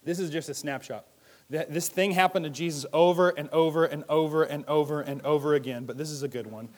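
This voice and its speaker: A man preaching a sermon in a lively, conversational way, firing rhetorical questions and swinging between loud and hushed. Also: fairly high pitch, fairly quick. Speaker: pastor.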